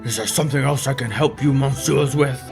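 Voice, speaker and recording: A man's voice: medium pitch, steady tone, fairly quick, vocal fry, over music, lightly acted. A man voicing a creepy, overly courteous aristocratic male bird baron. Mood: polite. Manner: courteous, oily, faux-French address. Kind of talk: let's play character voicing.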